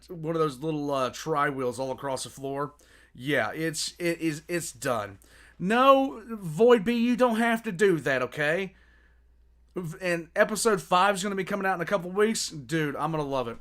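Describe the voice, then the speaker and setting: A man's voice: fairly high pitch, a bit bright. A man hosting a casual reaction livestream, exclaiming a lot and chatting with viewers.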